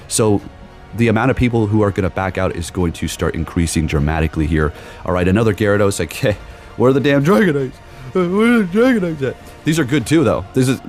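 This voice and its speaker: A young man giving excitable live commentary on his game, talking straight to viewers and exclaiming at big moments. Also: low voice. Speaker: gaming YouTuber. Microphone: desk microphone.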